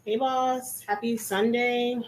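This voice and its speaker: A woman hosting a hair care class on a live stream, chatting casually and greeting each viewer by name with relaxed slang, speaking from an indoor room. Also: on the high side, slow, a little hiss or hum, low-quality recording. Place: indoor room with air conditioning.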